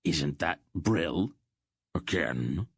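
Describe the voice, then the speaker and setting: A man playing a burly guardian muttering in a hoarse hush, deep and low. The reading is close and dry. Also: expressive, very slow, dry recording, heavily acted. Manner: hushed and hoarse.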